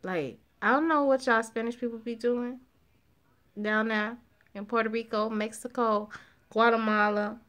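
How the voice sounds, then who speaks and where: Slow, slangy, laughing woman chatting with viewers. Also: fairly high pitch, fairly even intonation. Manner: loud, slangy, laughs often, talks to chat. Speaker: livestream host chatting with viewers. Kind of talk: casual chat reading live comments.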